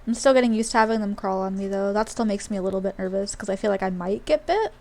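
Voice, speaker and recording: A woman's voice: mid-range voice, fast, creaky, warm tone. Chatty woman streamer from Australia. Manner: rambling, chatty, with many fillers and asides. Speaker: game streamer. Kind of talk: casual live-stream chat while gaming.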